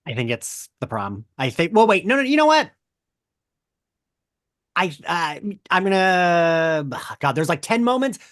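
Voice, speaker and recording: A man who is a podcast guest, chatting in an excitable, rambling way and often interrupting himself. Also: sits high, a little slow. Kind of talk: casual podcast chat.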